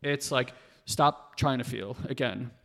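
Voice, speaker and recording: Man in his thirties, gravelly voice, fast and animated, reverberant room. Podcast guest. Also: medium pitch. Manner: fast-talking, animated storytelling with lots of fillers. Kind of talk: casual conversation.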